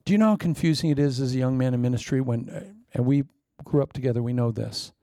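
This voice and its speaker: A man's voice: medium pitch, quick pace, warm tone, no echo. A middle-aged man preaching a sermon as pastor, conversational and joking, with laughing asides.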